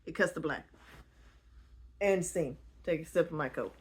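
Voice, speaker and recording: A woman's voice: deep voice, moderate pace. A young woman hosting her channel, recapping a book in a slangy, chatty way, swearing freely and laughing often. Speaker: channel host.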